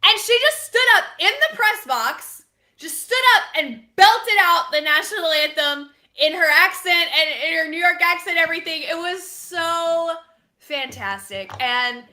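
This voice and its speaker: Female co-host, bubbly, high pitched. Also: measured pace. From Texas. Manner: bubbly, giggly, expressive. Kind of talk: casual livestream chat.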